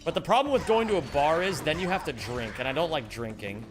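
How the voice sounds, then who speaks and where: A man's voice: fairly high pitch, animated, quick pace, music in the background. A man streaming a speedrun in casual chat, joking and mocking himself as he reads and answers viewers' messages.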